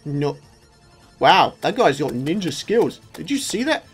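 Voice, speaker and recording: Young man, let's play commentary, excitable, very lively pitch, repeats himself when tense. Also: a little slow, slightly rough, faint music behind. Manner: excitable, shouts at enemies, lots of repetition. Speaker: gaming YouTuber.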